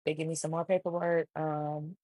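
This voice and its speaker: A woman casually retelling a personal story in an animated way, acting out other people's lines. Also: sits low, normal speed, slightly rough, dry recording. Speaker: storytime vlogger.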